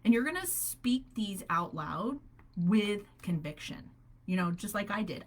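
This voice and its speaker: A middle-aged woman coaching a group on a live call, speaking with lively, animated conviction. She laughs easily and keeps an upbeat, encouraging energy as she talks. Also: mid-range voice, a little slow. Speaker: holistic health coach.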